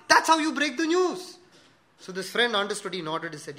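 Bright-voiced high male pastor preaching. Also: a little fast. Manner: animated storytelling, acting out dialogue in a joke; earnest rhetorical questions to the congregation. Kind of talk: sermon.

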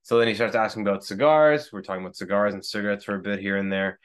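A man co-hosting a podcast, telling a travel story in relaxed casual chat, rambling with many fillers. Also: fairly low pitch, fast, smooth. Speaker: podcast co-host.

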